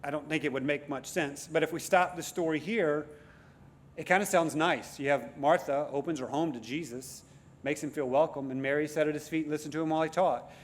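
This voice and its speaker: A man's voice: a little high, fairly even intonation, fairly quick. A man preaching a sermon to a congregation in a conversational, self-deprecating way, with frequent restarts and fillers. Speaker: guest preacher.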